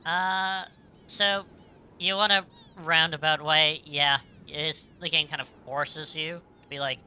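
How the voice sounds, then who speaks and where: A woman's voice: low-pitched, steady tone, a little slow, sharp tone, slight background noise. A woman streaming herself playing a game, chatting and reacting aloud in a casual way, sometimes humming.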